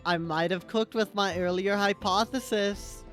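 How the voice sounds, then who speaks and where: A streamer talking through a game live, in a rambling, self-mocking way that keeps doubling back. Faint game music sits under the voice, and the pitch is mid-range. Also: steady tone, measured pace, fairly bright tone. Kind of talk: live game commentary and reading.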